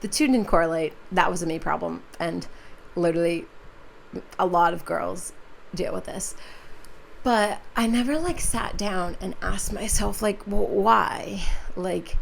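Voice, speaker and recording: A woman's voice: on the low side, unhurried, creaky, slight background noise. Chatty young woman hosting a podcast. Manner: chatty, lots of "like" and "um". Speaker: podcast host. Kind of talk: casual podcast monologue.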